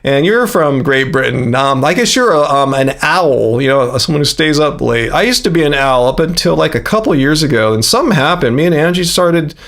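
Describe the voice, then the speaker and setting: A man in his fifties chats loosely to his livestream viewers. His voice sits fairly high, and he rambles along with lots of fillers and restarted sentences. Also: expressive, brisk, few pauses, fairly bright tone. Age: 50s. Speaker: livestream host. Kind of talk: casual livestream chat.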